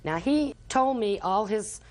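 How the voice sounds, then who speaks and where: An older woman testifying before a judge, recounting events at length. She slips into the voices of the people she quotes. Her pitch sits in an ordinary middle range. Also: expressive, measured pace, darkish tone. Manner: long storytelling, acts out quoted dialogue. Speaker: litigant in small claims court. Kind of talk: courtroom testimony.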